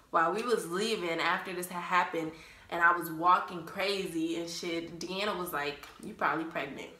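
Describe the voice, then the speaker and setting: A woman's voice: fairly low pitch, bright, forceful tone. A young woman telling a personal story in a casual, blunt way, cussing freely and laughing at herself. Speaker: vlogger. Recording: roomy echo.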